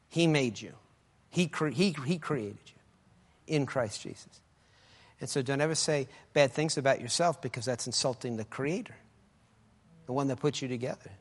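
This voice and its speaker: A man preaching a sermon with fervor, swinging between loud exclamations and quiet asides. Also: medium pitch. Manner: fervent, swings between shouting and soft asides. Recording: echoey hall with long reverb.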